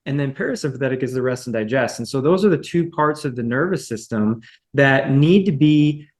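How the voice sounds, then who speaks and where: A man's voice: medium pitch, lively intonation, a little fast. A man breathwork practitioner explaining a concept in an interview, with frequent "like" and "right?".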